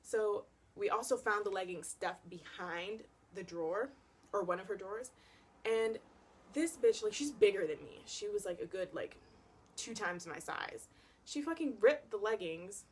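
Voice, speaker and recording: Animated young woman telling a story. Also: mid-range voice, unhurried, slightly rough. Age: young adult. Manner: animated and dramatic, heavy use of "like". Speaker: vlogger. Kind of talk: casual storytelling.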